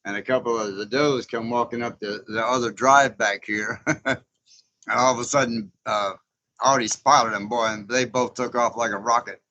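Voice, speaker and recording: Bright-voiced folksy man. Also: mid-range voice, steady tone, moderate pace, dull audio, slight background noise. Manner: folksy and chatty, chuckling often, reading out viewer names. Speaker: YouTuber hosting a live stream. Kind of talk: casual live-stream chat.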